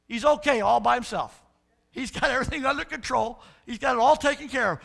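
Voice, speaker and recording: Brief: pastor preaching, very high for a man, bright edge, emphatic and repetitive. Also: animated, a little fast, vocal fry. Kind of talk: sermon.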